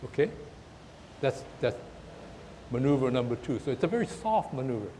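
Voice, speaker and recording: Halting man teaching a tai chi class. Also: medium pitch, sing-song, mellow, slight background noise. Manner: halting, repeats words, talks while demonstrating moves. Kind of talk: outdoor class instruction. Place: park, outdoors.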